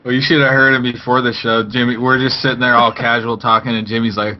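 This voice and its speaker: A man's voice: mid-range voice, little pitch movement, fast. A man co-hosting a podcast, teasing the others in casual talk. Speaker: co-host. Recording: lo-fi call audio with faint noise.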